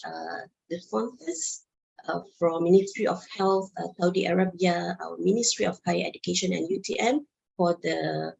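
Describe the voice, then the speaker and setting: Female presenter from Malaysia, raspy and creaky, unhurried delivery with pauses. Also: on the low side, a little mellow, poor audio. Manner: measured, with frequent hesitations. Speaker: conference presenter. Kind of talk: academic presentation.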